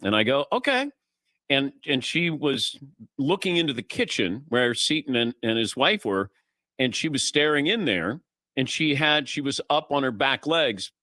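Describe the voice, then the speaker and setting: A man's voice: medium pitch, animated, moderate pace, pushed and bright, no echo. A middle-aged man hosting a sports talk radio show, chatting casually and telling anecdotes, acting out the voices of people he quotes. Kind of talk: casual on-air chat and storytelling.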